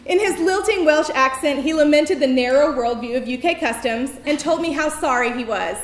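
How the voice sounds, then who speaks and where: A woman telling a personal story on stage, in a wry, self-mocking and animated manner. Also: high-pitched, normal speed. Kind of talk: live personal storytelling performance. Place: theater stage before an audience. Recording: roomy venue echo, faint noise.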